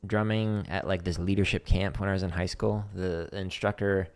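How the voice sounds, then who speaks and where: A man casually talking through a drum practice stream, explaining relaxed with a dry, deadpan humor. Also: deep voice, normal speed, clear, resonant tone.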